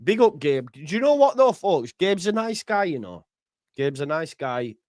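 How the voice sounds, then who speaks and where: A man's voice: on the high side, very animated, normal speed, a little mellow, no echo, clean studio sound. A man, hosting a casual fan chat on a live stream, full of banter and laughter. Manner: banter-heavy, laughs often, acts out quotes. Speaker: fan podcast host.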